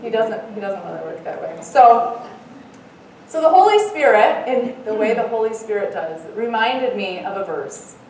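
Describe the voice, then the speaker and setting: A middle-aged woman giving an earnest devotional talk as a Bible study speaker, mixing in lively self-mocking stories. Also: mid-range voice, moderate pace. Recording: echoey room, mic far off, faint noise.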